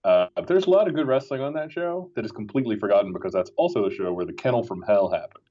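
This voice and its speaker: A man with a low voice talks as a guest on a casual podcast. He is wry and sarcastic and repeats phrases for emphasis. The audio sounds dull and lo-fi. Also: expressive, quick pace, mellow, a little hiss or hum. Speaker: wrestling writer guest.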